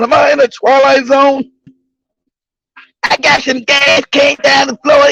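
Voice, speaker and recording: High, gravelly, profane man telling stories. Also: level tone, unhurried, long pauses, sharp tone, dry recording. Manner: profane, laughs often, mocking. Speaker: livestream show host. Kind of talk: casual comedic storytelling. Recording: dull lo-fi recording.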